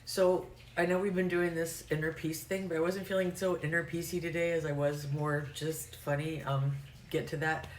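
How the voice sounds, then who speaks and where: A middle-aged woman with a Southern US drawl tells a story with easy, profane humor. Her voice sits low. She sounds a little far from the mic in an echoey room, with faint background hum. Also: flat delivery, moderate pace. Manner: profane, joking, conversational. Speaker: vlogger and life coach. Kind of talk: comic storytelling. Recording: roomy, distant mic with faint noise.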